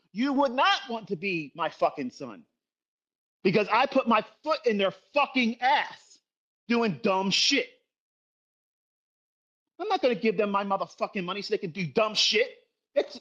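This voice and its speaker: A middle-aged man tears into his listeners in a profane livestream rant, lecturing hard about trading. His voice sits high and leaps all over the place. The stream audio is dull and lo-fi. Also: a bit bright. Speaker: trading educator.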